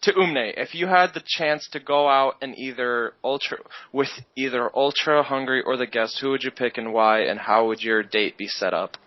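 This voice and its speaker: A man's voice: mid-range voice, no room sound. A man hosting a casual podcast, reading out listener questions and answering bluntly, eager to move on. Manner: blunt, dismissive, quick to move on. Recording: dull lo-fi recording.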